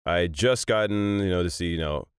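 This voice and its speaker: A man in his thirties, a voice actor, telling stories in a casual chat, animated and laughing often. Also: low-pitched, a little fast, clean tone, no echo, clean studio sound. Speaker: voice actor guest.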